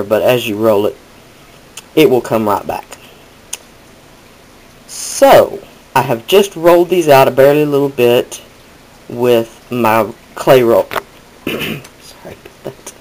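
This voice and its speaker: In a casual crafting tutorial, a man chats and rambles, correcting himself as he demonstrates. His voice sits in the mid range with a darkish tone, and the recording is rough.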